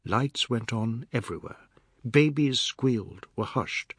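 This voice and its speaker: A man narrating a novel in a measured, steady storytelling manner. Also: medium pitch, slightly rough, dry recording, clean studio sound. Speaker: audiobook narrator. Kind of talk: scripted narration.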